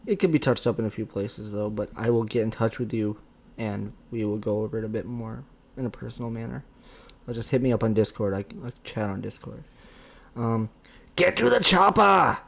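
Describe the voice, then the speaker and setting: A man's voice: lowish voice, flat delivery, a little fast, gravelly, warm tone. A young man hosting a casual live stream, chatting with a friend and thanking viewers as he rambles. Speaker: streamer hosting a subscriber livestream.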